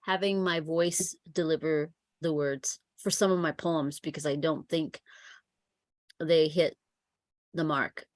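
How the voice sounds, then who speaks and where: A woman's voice: sits low, steady tone, slow, no room sound, clean studio sound. A woman poet chatting with enthusiasm, with many fillers and restarts. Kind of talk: casual chat.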